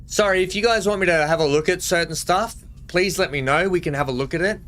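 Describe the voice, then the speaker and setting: Bright-voiced Australian man streaming a game. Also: sits high, fast talker. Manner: chatty, reads game text aloud and jokes with chat. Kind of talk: casual live gameplay commentary.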